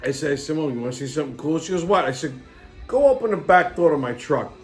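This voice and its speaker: A middle-aged host spins a rambling, foul-mouthed story and breaks into laughter often. His voice sits high for a man. Faint music plays underneath. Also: big pitch swings, fast talker. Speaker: podcast host. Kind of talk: casual storytelling monologue.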